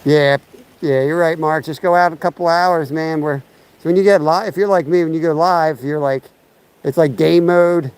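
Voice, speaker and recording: A man's voice: fairly high pitch, fairly even intonation, moderate pace, a little mellow, clean tone, rough recording. A man hosting a fishing livestream outdoors, rambling casually and chatting with his viewers through a chest-mounted mic. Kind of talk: casual live-stream chat while fishing outdoors. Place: outdoors by a lake and creek. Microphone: chest-mounted camera mic.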